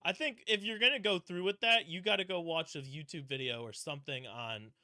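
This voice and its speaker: Brief: male podcast co-host, very bright and forceful tone, rambling, casual cursing. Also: fairly high pitch, fairly quick, no echo, clean studio sound. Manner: rambling, swears casually, trails off.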